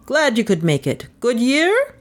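A woman voicing a jovial, booming middle-aged male vicar in a storybook reading. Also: huge pitch swings, measured pace. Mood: hearty. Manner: hearty, beaming.

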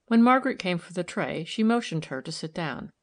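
Reading from a novel for an audiobook, a woman narrates in a steady, measured way, her pitch sitting fairly low.

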